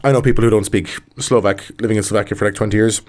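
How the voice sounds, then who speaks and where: A man's voice: on the low side, fairly even intonation, very fast. Rambling man, podcast co-host. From Ireland. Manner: rambling, hesitant, many restarts. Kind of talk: casual chat.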